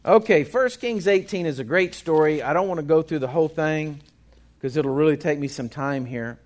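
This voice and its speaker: A man's voice: on the high side, moderate pace. A man, a pastor preaching a sermon in a folksy, joking way with asides to the congregation. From Texas.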